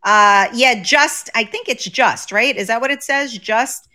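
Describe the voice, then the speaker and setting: A woman's voice: a little high, a little slow, bright, forceful tone. A woman co-hosting a casual chat show, joking and laughing often. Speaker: co-host.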